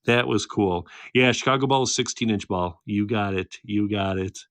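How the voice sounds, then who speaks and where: Man in his thirties, livestream host, low voice, dry close sound, teasing, laughs a lot. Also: normal speed, no echo. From United States. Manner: chatty, teasing, laughs often. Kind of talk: casual chat reading viewer comments. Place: home, indoors, by a candle.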